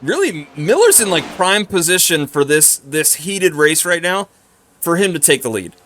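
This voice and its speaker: A man commentating a sim race live, slightly high-pitched, with a lively pitch that jumps when the action heats up. He talks excitedly, and a faint hiss sits behind his voice. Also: normal speed. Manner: excitable, exclaims at close racing.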